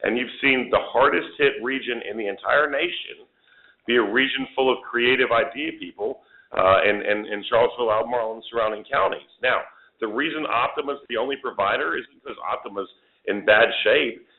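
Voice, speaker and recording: A man's voice: medium pitch, fairly quick. Congressman on a tinny phone line. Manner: policy-heavy, many restarts and stressed points. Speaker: congressman hosting a telephone town hall. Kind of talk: answering callers' questions.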